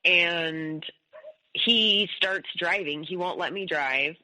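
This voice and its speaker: A woman's voice: on the low side, takes it slowly, sharp tone, poor audio. A woman, a guest on a talk show, telling her personal story in a rambling, emphatic way, full of restarts and fillers.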